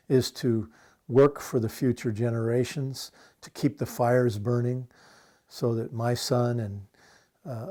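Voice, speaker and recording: Earnest older American activist, mellow voice. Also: male voice, medium pitch. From United States. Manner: earnest and impassioned, with frequent fillers and restarts. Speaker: activist being interviewed. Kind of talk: reflective interview answer.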